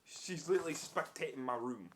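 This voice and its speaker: A man's voice: medium pitch, a little fast, a little hiss or hum. A young man, chatting in a casual vlog, rambling with many restarts and scolding and cooing at his dog. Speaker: vlogger.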